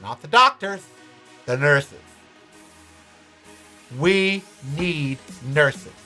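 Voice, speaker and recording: A man's voice: on the high side, lively intonation, very slow, sharp tone, soft background music. An American man hosting a show, telling a personal story and ranting bluntly with profanity. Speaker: host. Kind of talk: opinionated monologue.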